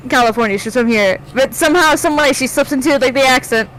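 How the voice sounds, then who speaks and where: High-voiced chatty podcast woman. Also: a little fast, a bit bright, a little hiss or hum, rough recording. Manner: chatty, filler-heavy, laughing along. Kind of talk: casual chat.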